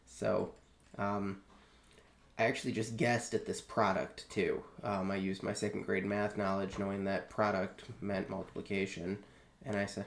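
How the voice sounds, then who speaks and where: A man's voice: low-pitched, little pitch movement, moderate pace, vocal fry. Offhand man in a roomy echo. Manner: offhand, self-deprecating, joking. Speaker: student presenting a coding assignment. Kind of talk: casual screen-recorded walkthrough.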